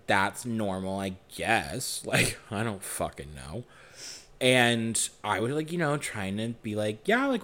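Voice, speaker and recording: A young man co-hosting a podcast, telling a story casually, swearing often and acting out the lines he quotes. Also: mid-range voice. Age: young adult. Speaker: podcast co-host.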